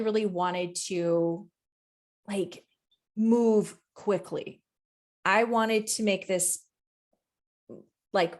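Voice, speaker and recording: A woman co-hosting a podcast and coaching, chatting casually and candidly, swearing freely as she tells stories with animation. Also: medium pitch.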